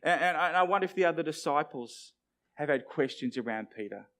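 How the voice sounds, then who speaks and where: A man's voice: on the high side, brisk. A middle-aged man, preaching a sermon and acting out the lines he quotes. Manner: animated, acts out quoted dialogue. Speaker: pastor.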